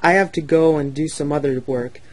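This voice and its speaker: A man's voice: a little high, fairly even intonation, fairly quick, lightly acted. Percy, a man doing a polite little engine. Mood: apologetic. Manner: polite, defending others. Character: small, kind male tank engine.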